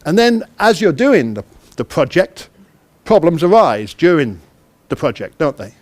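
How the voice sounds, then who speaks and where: A man from the United Kingdom speaks to a conference hall, his voice sitting a little high for a man. He talks in a chatty, self-deprecating way and keeps throwing questions at the audience. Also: very animated, a little slow. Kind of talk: interactive conference talk.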